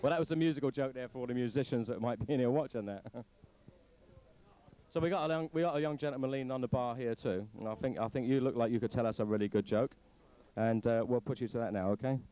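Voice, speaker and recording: A man's voice: mid-range voice, quick pace, mellow, low-quality recording. A man hosting a pub joke night, introducing each guest and telling a joke of his own. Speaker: host. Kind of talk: casual pub chat.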